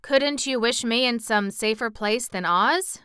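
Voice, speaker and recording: A woman's voice: fairly high pitch, unhurried, fairly bright tone, clear, resonant tone, no echo, studio quality, pitched above the performer's own voice. A woman voicing a curious, uneasy young boy in an audiobook, asking many questions.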